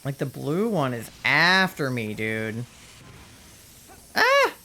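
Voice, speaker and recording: A streamer giving live gameplay commentary, exasperated and swearing often, with sudden yelps and shouts. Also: mid-range voice, animated, measured pace. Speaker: streamer playing a video game.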